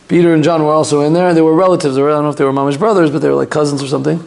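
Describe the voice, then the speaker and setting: A man's voice: fairly high pitch, fairly even intonation, rapid-fire, gravelly, darkish tone. A man teaching a Torah class as a rabbi, rambling and digressing, sprinkling Hebrew and Yiddish terms and chatting with the class.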